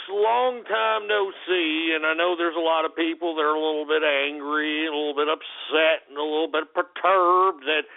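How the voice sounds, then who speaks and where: A man's voice: on the high side, fairly even intonation, moderate pace, vocal fry, few pauses. A man hosting a talk radio show, rambling in a profane monologue full of fillers and sudden outbursts. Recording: tinny phone-like radio broadcast.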